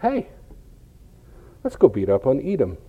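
A man's voice: medium pitch, huge pitch swings, a little slow, slightly rough, heavily acted. A man voicing God as a male deity who announces a judgment in a matter-of-fact way. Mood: declaring. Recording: dull lo-fi recording.

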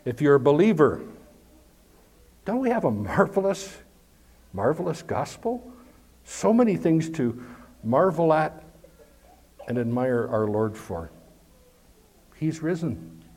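A man preaching a sermon in an earnest, emphatic way, pausing often and repeating key words. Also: on the high side, sing-song, darkish tone. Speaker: pastor.

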